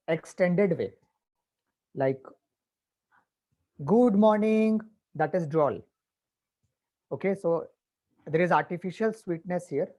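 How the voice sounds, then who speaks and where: A man explaining a story to a class as their teacher, patiently and with pauses. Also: a little high, darkish tone. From India.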